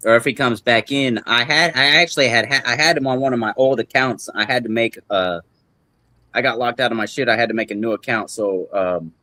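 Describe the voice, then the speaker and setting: A man's voice: medium pitch, brisk, bright, forceful tone, no room sound. A young man talking loosely and at length as a guest on a podcast, full of slang, restarts and laughter. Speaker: guest musician. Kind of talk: casual podcast chat.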